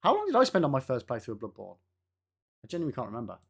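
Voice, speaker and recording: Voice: mid-range voice, wildly swooping pitch, rapid-fire, vocal fry, slightly rough. Game streamer, live-stream chat, casual, laughing, swears.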